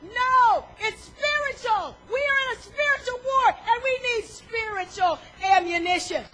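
A woman preaches with real fire, her voice very high and bright as she acts out the voices in people's heads. She swings from hushed talk to loud, rising calls. A faint hiss sits under the recording. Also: unhurried, low-quality recording. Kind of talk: sermon.

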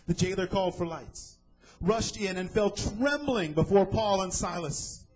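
A man's voice: high-pitched, measured pace, slightly rough, soft background music, rough recording. A man preaching a sermon, retelling a scripture story dramatically and asking the listeners questions.

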